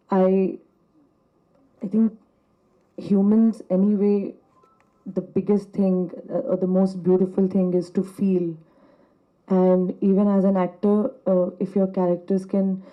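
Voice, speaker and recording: A young actress from Punjab, giving a grateful, effusive stage speech at a press event, laughing between phrases. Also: female voice, mid-range voice. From Punjab, India. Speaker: actress at a trailer launch. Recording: dull lo-fi event audio.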